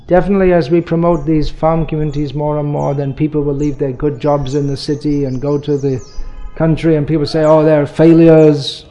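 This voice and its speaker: A man teaching in a question and answer talk, his voice mellow and a touch higher than most. He explains in a measured way and often restarts his sentences as he works a point through. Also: flat delivery, muffled recording, soft background music.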